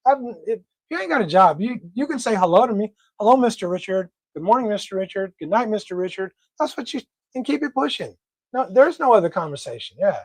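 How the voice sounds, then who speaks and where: A man hosting a casual livestream discussion, talking in a blunt, slangy, animated way. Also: high voice, slightly rough, no room sound. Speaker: livestream host.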